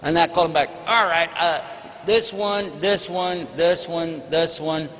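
A man's voice: on the high side, steady tone, a little slow, fairly bright tone. A man from Texas with a Texan accent, giving a folksy, humorous storytelling talk to an audience and acting out conversations. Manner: folksy, humorous, acts out phone calls. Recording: hall reverb with faint background noise.

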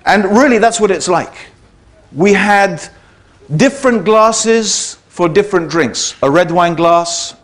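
British man giving a lively public talk. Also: high voice. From Britain. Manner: conversational, checks in with the audience. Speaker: speaker giving a talk to an audience. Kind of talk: public lecture.

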